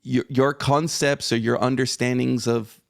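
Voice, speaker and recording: This podcast guest, a man around forty, speaks at a measured pace with a medium pitch, a level tone, and vocal fry. He animatedly relives a personal experience in conversational style, acting out how he reacted and cursing from time to time.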